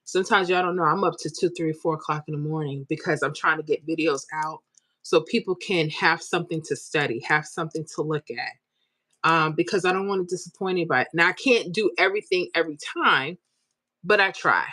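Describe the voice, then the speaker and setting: A lower-pitched woman hosts a live stream and chats straight to her viewers. She is open and emotional as she reads out comments. The sound is dry and close, with no room around it. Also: fairly quick, bright, forceful tone, no echo. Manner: emotional, tearful at times, talks straight to viewers. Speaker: lottery numbers YouTube host.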